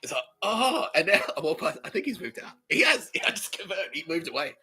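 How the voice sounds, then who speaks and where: An Australian podcast host with a high, sing-song, husky voice talks briskly and forcefully, his tone bright, on a rough recording. He rambles through a comedic monologue, laughing often, swearing and acting out quoted exchanges.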